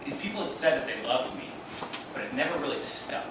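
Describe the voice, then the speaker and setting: A man's voice: mid-range voice, very animated, brisk. A man around thirty telling a comic personal story on stage, acting out voices and laughing through his lines. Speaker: solo storyteller. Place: theater stage. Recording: echoey stage from a distant mic with noise.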